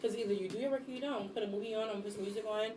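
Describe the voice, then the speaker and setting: A young woman talks fast and bluntly, with lots of energy. She sits back from the microphone in an echoey room. A faint room hum runs underneath. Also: mid-range voice, recorded from a distance. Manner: blunt, animated, acts out scolding voices. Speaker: guest, substitute teacher and airport worker. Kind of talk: casual podcast chat.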